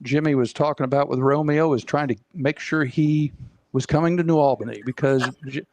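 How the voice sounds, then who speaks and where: Gravelly older man, halting. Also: a little high, fairly even intonation, darkish tone.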